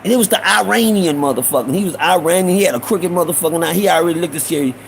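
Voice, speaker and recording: Gravelly high-voiced man telling stories. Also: expressive, quick pace, slight background noise, rough recording. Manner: slangy, repetitive asides, shout-outs. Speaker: host. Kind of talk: casual storytelling stream.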